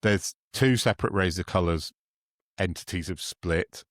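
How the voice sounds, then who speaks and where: During laid-back political conversation, this man co-hosting a podcast relates stories with mockery and plenty of swearing. He has a low voice with a fairly bright tone and speaks at normal speed, captured in clean studio sound with no room noise.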